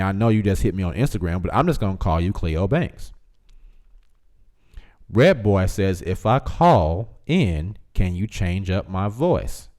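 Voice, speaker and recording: A man chats on his own livestream at an unhurried, drawn-out pace, his voice sitting fairly low. He reads out viewer comments, teases people in a laid-back way and breaks into laughter often. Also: a little mellow. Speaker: livestream host reading chat. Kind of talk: casual livestream chat.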